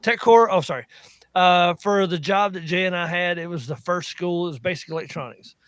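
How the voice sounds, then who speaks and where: Chatty Southern Appalachian man, bright voice. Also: high-pitched, fairly quick, slight background noise. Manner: chatty storyteller, laughs often. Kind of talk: casual chat.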